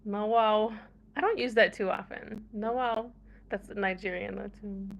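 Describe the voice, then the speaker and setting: Young American woman, relaxed vlogger, slow easy delivery, giggles between lines. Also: mid-range voice, creaky, highs cut off, slight background noise. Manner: laughs often, chatty and playful. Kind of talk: casual chat to camera.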